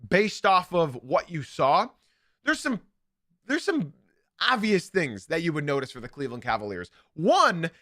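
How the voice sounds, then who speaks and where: A man's voice: high voice, pushed and bright, no room sound, studio quality. A young man hosting a live sports podcast, giving opinionated commentary and repeating his points for emphasis. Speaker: podcast host.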